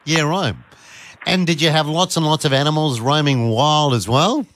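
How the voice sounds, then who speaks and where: A man's voice: on the high side, moderate pace, fairly bright tone. A man hosting talkback radio, chatting with callers in a cheeky, jokey way. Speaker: radio host. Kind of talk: casual talkback radio chat.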